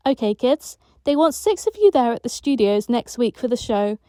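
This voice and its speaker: A woman voicing a gruff but good-hearted male care worker who talks firmly and bluntly. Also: fairly high pitch, big pitch swings, moderate pace, dark tone, dry recording, studio quality.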